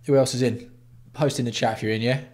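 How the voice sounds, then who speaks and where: An Englishman hosting a casual livestream, talking bluntly and swearing freely as he greets his viewers by name. His voice sits at an ordinary middle pitch for a man. He banters loosely with the chat between topics. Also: steady tone, fast talker, a little mellow. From England. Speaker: livestream host.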